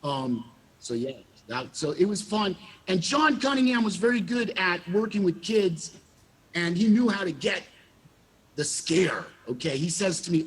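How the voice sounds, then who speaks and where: A man, a former child actor, telling animated stories in a casual interview and acting out the quotes. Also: high-pitched, normal speed, slightly rough. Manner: animated storyteller, acts out quotes with laughs.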